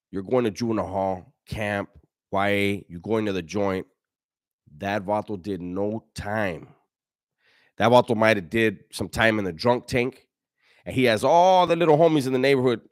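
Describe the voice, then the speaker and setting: A middle-aged man hosts a loose, casual livestream, swearing freely and piling on street slang as he tells stories and answers viewers. His voice sits on the low side, and the sound is close and dry with no room echo. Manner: profane, slang-heavy storytelling, frequent restarts. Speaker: livestream host. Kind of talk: casual livestream chat reading viewer donations and comments.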